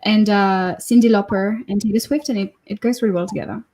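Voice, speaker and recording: A nineteen-year-old woman with a French accent, a singer-songwriter answering interview questions in a hesitant, soft-spoken way. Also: mid-range voice, fairly even intonation, a little fast.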